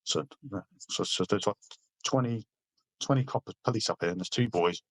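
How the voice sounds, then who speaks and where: Man, middle-aged, from Britain, low voice, dry sound, blunt, sweary, halting. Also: no echo. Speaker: army veteran guest. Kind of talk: casual interview storytelling.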